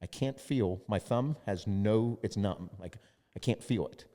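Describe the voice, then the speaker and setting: A man's voice: on the low side, a little slow, mellow, long reverb tail. A man hosting a podcast, telling a story in casual chat and quoting others, with lots of swearing. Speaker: podcast host.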